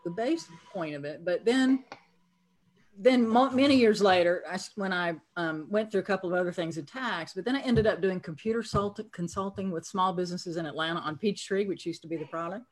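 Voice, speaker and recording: A woman's voice: lowish voice, a little fast. A middle-aged woman with a Southern US accent, telling her career story on a podcast in a frank, self-deprecating way. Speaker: podcast guest. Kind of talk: casual storytelling chat.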